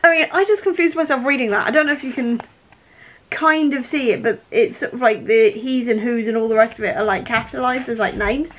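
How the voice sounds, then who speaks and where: A woman's voice: on the high side, brisk, a bit bright. A woman book vlogger talking casually and enthusiastically about a novel, laughing often. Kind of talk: casual reading vlog.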